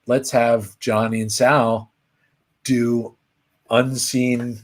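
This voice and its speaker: Man co-hosting a live Q&A, casual anecdote teller who acts out the voices, mid pitch. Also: very slow. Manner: animated storyteller, acts out quoted voices. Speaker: co-host answering viewer questions. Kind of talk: casual live Q&A chat, storytelling.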